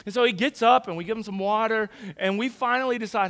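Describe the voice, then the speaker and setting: A young man telling a story to a crowd in a lively, casual, conversational way. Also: extremely high pitch, fast, hardly any pauses. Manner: animated, conversational, casual slang. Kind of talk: storytelling talk.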